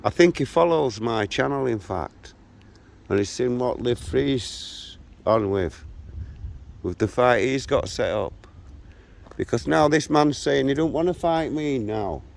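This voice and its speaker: A man's voice: medium pitch, unhurried, gravelly. A man, telling a story about an argument while walking outdoors. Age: 60s. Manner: animated, re-enacts a street argument. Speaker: vlogger. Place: outdoors, walking through a local park and streets.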